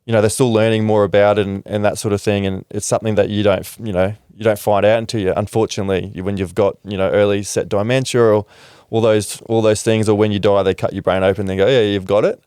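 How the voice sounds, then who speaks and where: A man's voice: lowish voice, flat delivery, fast talker, a little mellow, clear, resonant tone, no room sound, clean studio sound. A young Australian man, a former rugby league player, talks frankly and reflectively as a podcast guest, with casual swearing. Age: young adult. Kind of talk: candid interview talk.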